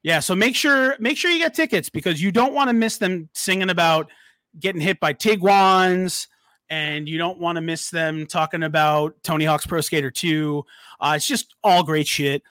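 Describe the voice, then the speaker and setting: Hyped-up guy hosting a podcast, bright forward voice, dry close mic, kinda high. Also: normal speed, dry recording. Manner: excited, hyped promo talk. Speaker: podcast host. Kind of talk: casual chat.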